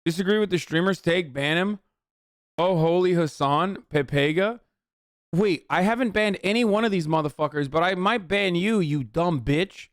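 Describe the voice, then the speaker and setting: A man's voice: high-pitched, normal speed, no echo, clean studio sound. A man streaming a reaction video, ranting profanely at his chat.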